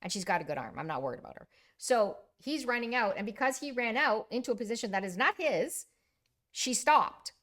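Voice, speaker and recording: A woman co-hosting a casual chat, telling lively stories about coaching and acting out her own yelling. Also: fairly high pitch, brisk. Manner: animated storyteller, acts out her own yelling. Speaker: podcast co-host.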